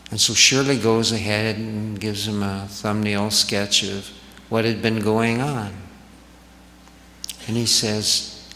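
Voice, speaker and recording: A man telling stories gently to an audience as a spiritual speaker in a large hall. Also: lowish voice, flat delivery. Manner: slow, gentle storytelling. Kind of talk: storytelling talk to an audience. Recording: echoey hall reverb, faint noise.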